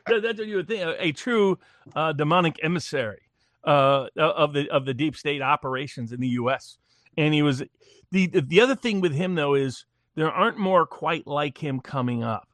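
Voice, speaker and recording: A man talking politics in a loose, conversational way, often stumbling over and repeating his first words before pressing on into long, connected arguments. His voice sits a little high for a man and sounds dry and close, with almost no room around it. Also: animated, moderate pace, fairly bright tone, dry recording. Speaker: political commentator, guest. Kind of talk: casual political discussion.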